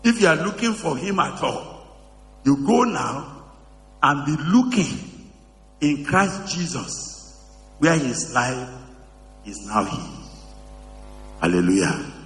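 A high-voiced, bright-toned pastor preaches slowly and dramatically, his pitch swinging wildly between soaring shouts and deep murmurs. He keeps checking in with the congregation through questions. The sound rings with the long reverb of a large church hall. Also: sing-song. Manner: asks the congregation questions over and over. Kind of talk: sermon.

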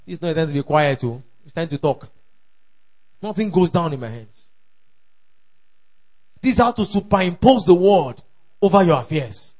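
A man preaching a sermon, emphatic and repetitive, calling out declarations and shouting at the peaks. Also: high-pitched, expressive, moderate pace, pauses often. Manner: emphatic, repeats lines for the crowd to echo, shouts at peaks. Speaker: pastor.

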